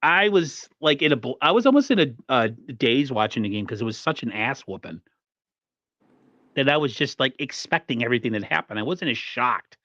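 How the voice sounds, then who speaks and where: Excited man talking football on a dull dry mic. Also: mid-range voice, moderate pace, dry recording. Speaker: podcast host. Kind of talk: casual sports talk.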